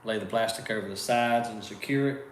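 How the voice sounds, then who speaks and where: Southern guy in his 40s, slow easy drawl, chatting on a live stream, kinda roomy echo. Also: on the low side. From American South. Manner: relaxed, drawn-out delivery. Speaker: channel host. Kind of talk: casual livestream chat. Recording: echoey room with faint noise.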